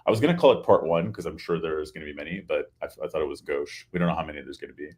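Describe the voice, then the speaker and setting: A man's voice: rumbling low, rapid-fire, darkish tone. A man hosting a weekly video-call talk show, chatty and full of joking asides. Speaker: host. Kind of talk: casual webinar hosting.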